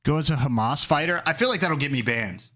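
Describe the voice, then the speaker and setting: Lively, high-voiced streamer man. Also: fairly quick. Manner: riffs loosely, reads chat aloud. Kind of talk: casual chat.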